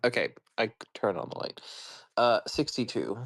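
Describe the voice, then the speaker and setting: A man's voice: fairly low pitch, very animated, moderate pace, fairly bright tone, no echo. A man playing a tabletop game, talking hesitantly with many fillers and restarts. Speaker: player.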